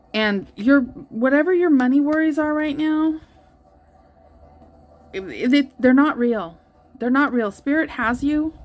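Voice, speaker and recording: Earnest woman reading tarot cards. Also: fairly high pitch. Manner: earnest, reassuring, thinks aloud. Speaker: tarot reader.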